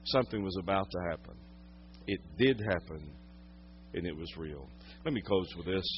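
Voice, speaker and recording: A male pastor preaching a sermon, swinging from hushed, intimate moments to loud, dramatic storytelling. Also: low-pitched, animated, normal speed, muffled recording, a little hiss or hum.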